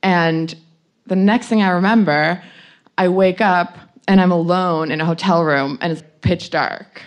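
A woman's voice: on the low side, measured pace. A young adult woman frankly telling a personal anecdote in a chatty way, laughing often and saying "like" a lot. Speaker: storyteller.

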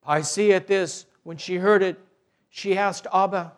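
A man telling a religious story in a slow, deliberate, gentle way. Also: high-pitched, fairly even intonation.

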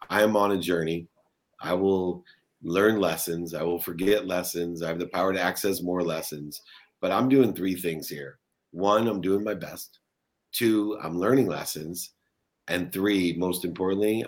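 A man as an interview guest, talking earnestly and emphatically in a motivational way. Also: sits low. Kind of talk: motivational conversation.

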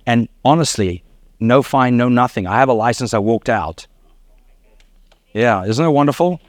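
South African pastor telling stories. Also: male voice, medium pitch, animated, normal speed, dry recording. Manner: storytelling with laughs and acted quotes. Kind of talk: sermon.

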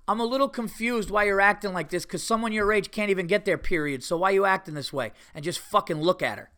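A man's voice: high-pitched, fast talker, few pauses, a bit bright. A man hosting a podcast, telling a story in a heated, profane rant and mimicking the people in it. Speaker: podcast host. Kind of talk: ranting monologue.

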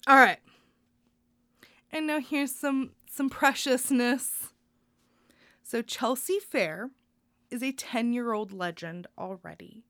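A young woman with a fairly high voice chats casually as a podcast co-host. She is earnest and heartfelt and often rambles. The sound is close and dry. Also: slow, pauses often, fairly bright tone, dry recording. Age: young adult. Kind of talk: casual news chat.

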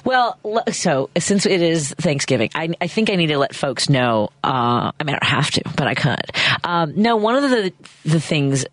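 A woman's voice: sits low, sing-song, moderate pace, no room sound. A woman hosting a radio talk show, chatting casually and joking at her own expense. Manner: conversational, laughs easily, self-deprecating. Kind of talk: casual on-air chat. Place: radio studio.

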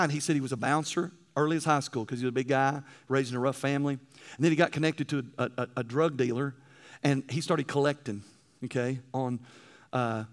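A male preacher delivering a sermon, telling stories and swinging between loud emphasis and hushed passages. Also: mid-range voice.

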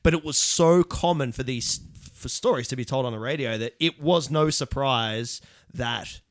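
A man's voice: medium pitch, moderate pace, no room sound, studio quality. Rambling, hedging man. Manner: rambling, hedging, self-correcting. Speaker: podcast co-host. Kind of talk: casual film discussion.

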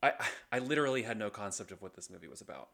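A man's voice: fairly low pitch, expressive, very fast, gravelly, a bit bright, a little hiss or hum. A young man co-hosting a podcast in casual chat, rambling and hesitant, with many fillers. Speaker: podcast co-host.

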